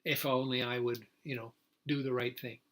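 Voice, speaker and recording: A man's voice: medium pitch, little pitch movement, moderate pace, fairly bright tone. An older man who calls himself an activist, talking alone on a livestream, rambling emotionally with restarts, choking up and bursting into indignant outrage. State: choked up. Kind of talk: solo livestream monologue.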